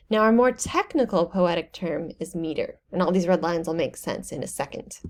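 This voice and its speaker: A woman's voice: fairly low pitch, darkish tone. Casual woman lecturing on poetry. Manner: explanatory, casual teaching with fillers and self-corrections. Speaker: online course instructor. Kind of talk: recorded lecture narration.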